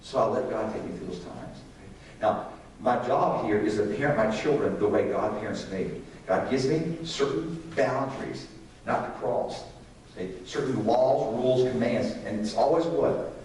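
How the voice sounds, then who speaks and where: A man's voice: mid-range voice, normal speed, darkish tone. An older man leads a church class for parents, talking in a conversational way and often putting questions to the room. His voice comes from some distance away and rings in a very echoey room. A faint hum of room noise sits behind him. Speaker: Sunday school teacher.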